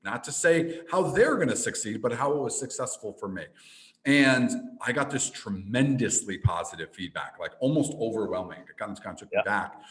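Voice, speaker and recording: Animated man telling a story. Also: lowish voice, brisk, a little hiss or hum, poor audio. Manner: animated, with repeated restarts. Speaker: podcast guest, entrepreneur and speaker. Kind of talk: storytelling in a casual interview.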